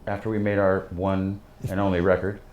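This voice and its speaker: A man's voice: low-pitched, completely flat delivery, moderate pace, lo-fi sound. An older man, a guest musician, tells rambling stories full of fillers in an interview on a living-room studio set. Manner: rambling, anecdotal with many fillers. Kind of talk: storytelling interview. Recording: roomy studio sound.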